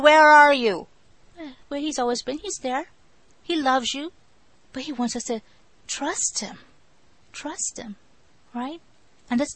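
A woman's voice: a little high, no room sound, rough recording. Emphatic woman preaching a sermon. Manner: emphatic, mimics complainers in quotes.

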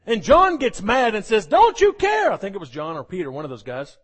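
A man preaching a sermon, animated and jokey, often acting out the voices of the people he quotes. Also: sits high, fast, slightly rough. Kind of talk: sermon with humorous asides.

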